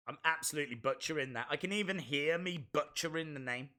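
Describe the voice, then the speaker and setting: A man hosting a live stream, reacting to a wrestling show in excitable, chatty, self-mocking commentary. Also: fairly high pitch, moderate pace.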